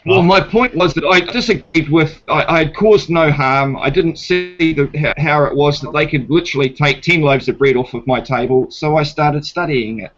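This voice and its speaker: This is a man with a New Zealand accent, blunt and given to swearing, and his voice sits somewhat high for a man. He is caught on dull, lo-fi audio. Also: moderate pace, hardly any pauses, fairly bright tone. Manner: blunt, swearing, retells a police stop acting out both sides. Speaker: guest. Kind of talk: casual debate chat.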